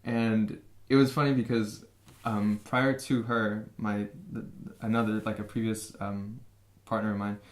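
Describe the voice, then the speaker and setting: A man's voice: fairly low pitch, little pitch movement, unhurried, reverberant. A young man from San Francisco answers interview questions casually, with many fillers and restarts. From San Francisco, USA. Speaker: interview guest.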